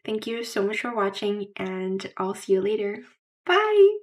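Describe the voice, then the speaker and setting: A woman talking candidly to camera in a casual vlog. She pauses to search for words, repeats herself and restarts often, and fills the gaps with "like". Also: medium pitch, little pitch movement, darkish tone. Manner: searches for words mid-sentence. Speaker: vlogger.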